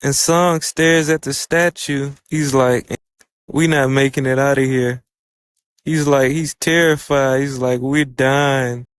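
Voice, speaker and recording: Male anime reviewer, relaxed storyteller with a slightly higher, clean voice. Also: clean tone, dry recording. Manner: loose, conversational storytelling with "like" fillers. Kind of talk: casual episode recap.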